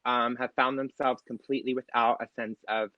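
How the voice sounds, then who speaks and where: A man, a drag performer, asking a candidate an earnest question, halting with many fillers and close to tears. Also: medium pitch, flat delivery, no room sound, lo-fi sound.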